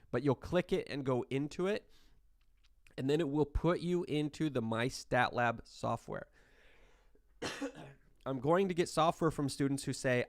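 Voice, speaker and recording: A man's voice: mid-range voice, no echo, studio quality. A man teaching a statistics class in a recorded online lecture, talking casually with lots of restarts and checking in with "right?". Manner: conversational, tag questions, frequent restarts. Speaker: statistics instructor.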